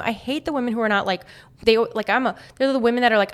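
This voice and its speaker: A woman co-hosting a gossip podcast in easy, casual chat. Her voice sits a bit high, and she slips into little mock voices when she quotes people. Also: quick pace. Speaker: podcast co-host.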